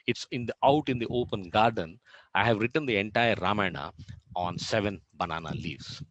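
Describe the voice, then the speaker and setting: A man telling it as a humble, gentle monkey devotee. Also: on the low side, moderate pace, no room sound, highs cut off.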